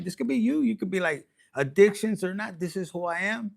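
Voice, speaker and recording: A man's voice: high-pitched, animated, a little fast, vocal fry. A man giving a casual, rambling and bawdy tarot reading, joking and slipping into Spanish. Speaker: tarot reader.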